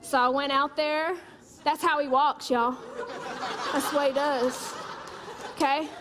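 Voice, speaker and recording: A woman's voice: high-pitched, fairly even intonation, slow pace, noisy background. A woman preaches a sermon, with emphatic repeated declarations and humorous storytelling.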